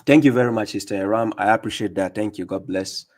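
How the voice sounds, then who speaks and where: A man's voice: fairly low pitch, fast talker, darkish tone. A man with a non-native English accent hosting a live stream, reading viewer comments aloud and commenting emphatically, often repeating his words. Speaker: livestream host.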